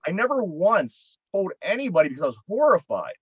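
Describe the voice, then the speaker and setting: Pittsburgh guy with a high voice rambling through a story, swears a lot, dry muffled sound. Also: very animated, a little fast, crowd noise. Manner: rambling, profane, repeats words when worked up. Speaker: podcast co-host. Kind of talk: casual storytelling chat.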